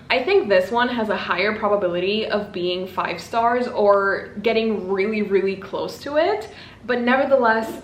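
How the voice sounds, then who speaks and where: A young woman with a mid-range voice hosts a book vlog, chatting casually with bubbly, self-deprecating energy and theatrical asides. There's slight background noise, and the room sounds echoey with faint ambience.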